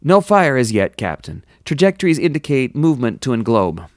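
A man voicing an efficient starship helmsman giving crisp status reports. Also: mid-range voice, sing-song, a little fast, no room sound, studio quality, pitched above the performer's own voice, close to an everyday voice. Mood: alert. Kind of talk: audiobook character voice.

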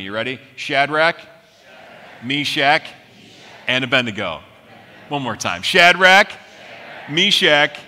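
Bright-voiced pastor in reverberant hall. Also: male voice, medium pitch. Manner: animated, self-mocking storyteller. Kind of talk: sermon with storytelling. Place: large church auditorium.

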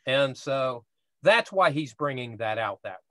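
A man's voice: mid-range voice, animated, measured pace, a bit bright, no echo. A man teaching a casual Bible study class, explaining step by step and often checking in with "right?".

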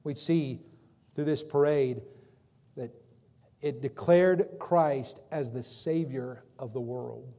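A male pastor preaching a sermon in a church, swinging between loud emphatic calls and quieter explanation, with frequent questions to the congregation. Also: medium pitch, takes it slowly. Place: church sanctuary. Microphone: livestream recording from the pulpit.

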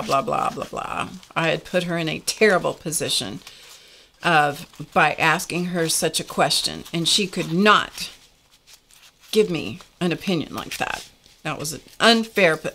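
A woman's voice: deep voice, moderate pace, bright, forceful tone, slight background noise. An older woman hosting a casual art lesson, chatty and confessional, laughing often as she talks to her viewers. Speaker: art class host.

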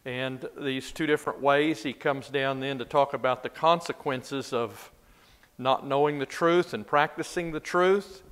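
A long reverb from a large room surrounds a man's mid-pitched, fairly bright voice as he leads a Bible class. He keeps things loose and conversational, putting questions to his listeners.

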